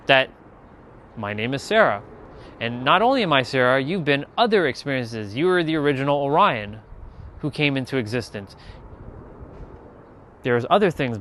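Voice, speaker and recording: A man's voice: medium pitch, a bit bright, slight background noise. A man telling a personal spiritual story, earnest and rambling, with many restarts and trailing phrases. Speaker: spiritual content creator.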